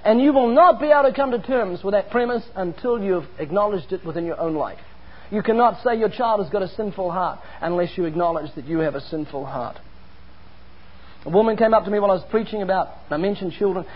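A man's voice: high-pitched, quick pace. A man preaching a sermon, earnest and emphatic, mixing scripture with personal stories. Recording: dull lo-fi recording.

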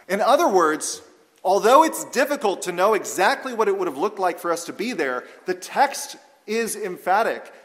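Emphatic preacher in a reverberant hall. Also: male voice, sits high, fairly bright tone. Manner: measured, emphatic, slows on quoted scripture. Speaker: pastor. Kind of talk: expository sermon.

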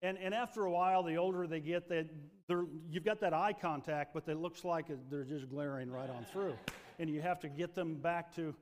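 A middle-aged man preaching a sermon, fervent, dropping to a hush and then rising loud again. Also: on the high side, moderate pace, in a large hall. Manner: fervent, swings between hushed and loud. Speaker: pastor.

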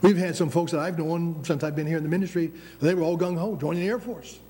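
Older man preaching, light mellow voice. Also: a little high, fairly even intonation, fast talker, slight background noise. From United States. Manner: emphatic preaching with many restarts, calls of "Amen?". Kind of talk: sermon.

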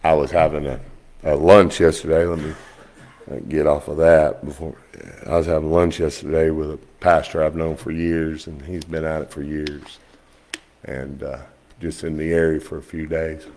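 A man preaching a sermon, telling folksy stories in an animated way. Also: normal speed. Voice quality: low gravelly voice. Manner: folksy, animated storytelling, rising high when quoting others. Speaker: pastor. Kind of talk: storytelling sermon.

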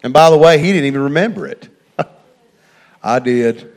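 A middle-aged man preaching a sermon, telling a personal story and swinging from hushed asides to loud, fervent passages. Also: mid-range voice, lively intonation, measured pace.

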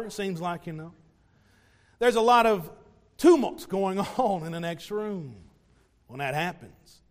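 Animated high-voiced preacher. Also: male voice. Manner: animated, plays out voices of mockers and parents. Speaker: pastor. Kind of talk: sermon.

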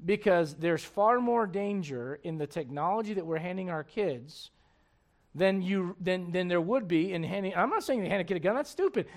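A man preaching a sermon as pastor of a church, emphatic and swinging between loud bursts and low asides. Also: animated, moderate pace.

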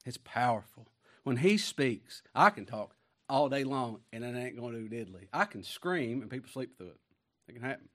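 Male preacher, mid-pitch, folksy sermon delivery with big swings in volume and slow, weighty scripture reading. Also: animated. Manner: folksy and conversational, swinging from hushed asides to booming emphasis; reads scripture slowly with stretched, weighty phrasing.

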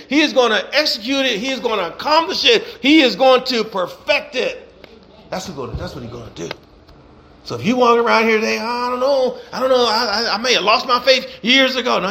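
A high-pitched male pastor preaching, his voice gravelly and rough. He drives his points home through repetition and emphatic call-outs to the congregation. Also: a bit bright. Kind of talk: sermon.

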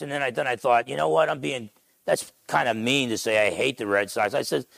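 A man's voice: medium pitch, fairly quick, vocal fry, fairly bright tone, no echo. A middle-aged man with a New Jersey accent, preaching a sermon and telling a story, acting out the people he quotes. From Essex County, New Jersey. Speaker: pastor.

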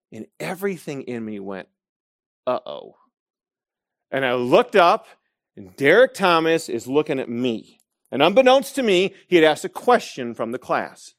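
A man from Michigan preaching a sermon, telling stories and slowing down to stress key phrases. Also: a little high, dry recording, clean studio sound. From Michigan, USA. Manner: storytelling, emphatic with slow stressed phrases.

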